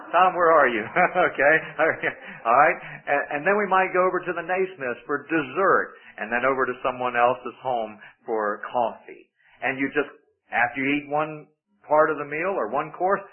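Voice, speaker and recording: A man preaching a sermon, praying and then telling folksy, joking stories to his congregation. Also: a little high. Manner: folksy, joking, with prayerful passages. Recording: tinny, phone-like radio broadcast.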